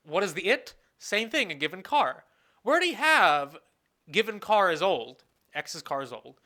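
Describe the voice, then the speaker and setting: At normal speed, a professor teaches at a whiteboard in a recorded lecture, with a bright, animated voice and wide pitch movement. They muse aloud, question the class and answer, and stop to restate phrases midway.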